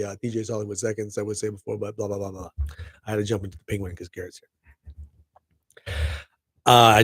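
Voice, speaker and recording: A man's voice: on the low side, no room sound. A middle-aged man hosting a casual live podcast stream, rambling upbeat to his viewers. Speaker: podcast host.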